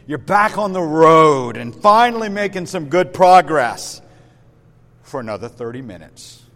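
A man's voice: a little high, a little slow, long reverb tail. A man, a pastor, preaching a sermon, telling a story and talking straight to his congregation. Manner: storytelling, lively, addresses listeners directly.

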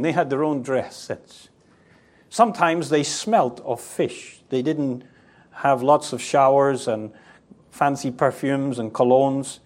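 A male preacher with a high-pitched voice delivers a lively sermon. He leaps up and down in pitch as he acts out the voices of the people he describes. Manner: animated, acts out quoted voices with sharp pitch swings.

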